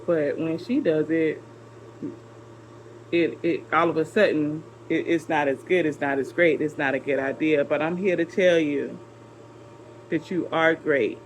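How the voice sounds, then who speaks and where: A woman's voice: lowish voice, slight background noise, low-quality recording. Southern woman giving earnest encouragement. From Georgia, US South. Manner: warm, repetitive encouragement with drawn-out emphasis. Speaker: vlogger making a response video. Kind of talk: casual encouraging chat to camera.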